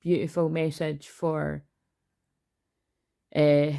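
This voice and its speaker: Woman, forties, low gravelly voice, rambling casual spiritual chat with swearing. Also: little pitch movement, extremely slow, mellow. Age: 40s. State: tearful at moments. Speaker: tarot reader. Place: her bedroom.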